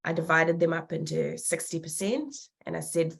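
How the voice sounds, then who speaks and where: A woman co-hosting a podcast in casual chat, telling animated stories and swearing freely. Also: low-pitched, normal speed, gravelly, few pauses, breathy edge. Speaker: podcast co-host.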